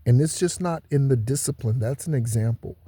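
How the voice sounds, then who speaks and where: Warm, slightly rough and mid-range, a spiritual channel host's voice comes through with no echo as he delivers a solo talk to his viewers. He preaches, circles back over his points to stress them, and slows down for emphatic asides.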